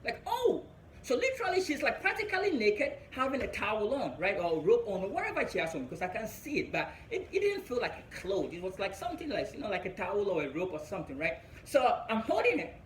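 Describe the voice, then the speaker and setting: A man's voice: sits high, wildly swooping pitch, quick pace, hardly any pauses, fairly bright tone, reverberant, slight background noise, rough recording. A young man from Africa with an African English accent, telling a stand-up story, chuckling at his own jokes and checking in with "right?" between lines. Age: young adult. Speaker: comedian.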